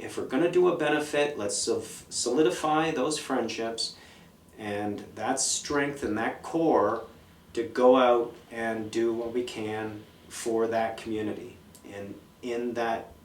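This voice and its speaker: A middle-aged man, a punk musician being interviewed, talking in a blunt, profane, animated way. He tells stories in a casual monologue. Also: mid-range voice. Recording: echoey room, mic at a distance, faint noise.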